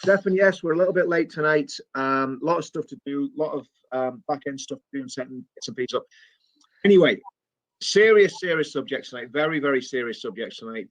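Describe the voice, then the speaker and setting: A man's voice: medium pitch, fairly quick, dry recording, low-quality recording. A man hosting a live stream, hesitant and full of ums and slips. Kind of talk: casual live-stream talk.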